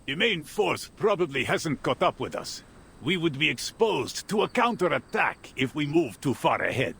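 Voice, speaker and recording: A man voicing a stern male soldier officer who barks orders at his troops in a gruff, commanding manner. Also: fairly high pitch, very animated, normal speed, a bit bright, full character voice.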